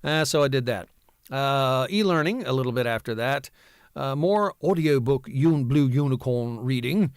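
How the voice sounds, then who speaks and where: Fifties guy doing voiceover, chatty and rambly, lots of uhs, mid pitch, dead dry room. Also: lively intonation, moderate pace, clear, resonant tone, no room sound. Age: 50s. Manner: rambling, with many fillers and restarts. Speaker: voice-over artist. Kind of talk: casual vlog talk.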